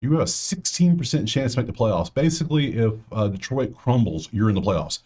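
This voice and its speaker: A man's voice: mid-range voice, lively intonation, brisk, darkish tone, breathy edge. A man hosting a casual solo sports betting breakdown, talking straight to players and viewers with grumbling asides.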